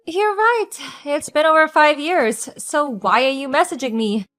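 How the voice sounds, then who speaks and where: A woman voicing a sharp-tongued divorced woman who mocks her ex-husband with cutting sarcasm. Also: sits high, unhurried, soft background music. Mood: mocking. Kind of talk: audio drama acting.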